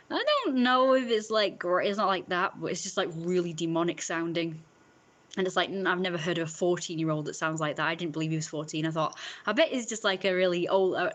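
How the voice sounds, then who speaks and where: A woman chats loosely with her viewers. She rambles, restarts and fills her talk with "like" and "you know", in a voice pitched a little low. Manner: rambling, chatty, many fillers and restarts. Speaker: streamer chatting with viewers. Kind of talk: casual chat.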